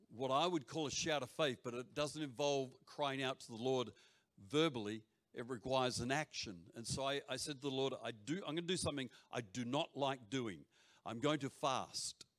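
A man preaching a sermon to a congregation, swinging between loud shouts and quiet near-whispers, with joking asides. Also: medium pitch. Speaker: pastor. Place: church hall before a congregation. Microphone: handheld or stage mic.

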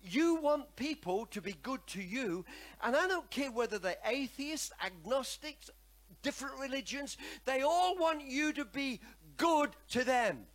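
Animated, high-voiced preacher. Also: male voice, a little slow. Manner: animated, repetitive, calls for congregation response. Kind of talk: sermon with personal testimony.

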